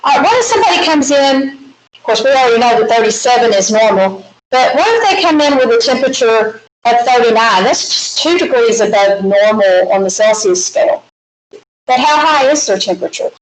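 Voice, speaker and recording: A woman's voice: fairly high pitch, lively intonation, fairly quick. A woman with a Southern US accent teaching a math lecture, walking through problems step by step with chatty, folksy asides. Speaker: math instructor. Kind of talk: recorded classroom lecture. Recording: echoey classroom with faint hiss.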